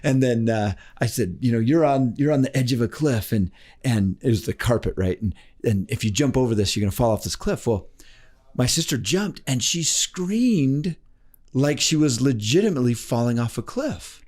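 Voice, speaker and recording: A man being interviewed as a life coach, telling a story in a podcast interview and acting out the voices of the people in it. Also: normal speed. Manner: animated, acts out quoted voices with big pitch jumps.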